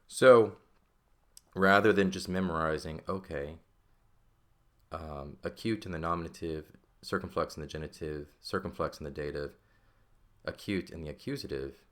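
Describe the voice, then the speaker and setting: Male teacher, very low voice, patient step-by-step explainer who keeps checking understanding. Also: normal speed, fairly bright tone. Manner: explains step by step, often checks with "right?" and "okay?". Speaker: Greek teacher. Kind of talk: recorded screen lesson.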